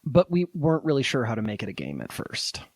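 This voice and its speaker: A man hosting a podcast, telling a story in a casual, animated way and laughing easily. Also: mid-range voice, fast talker, dry recording, studio quality.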